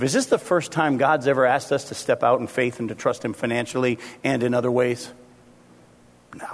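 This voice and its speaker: A man preaching a sermon as pastor, animated and acting out the voices he quotes. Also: mid-range voice. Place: church sanctuary. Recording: long reverb of a church hall.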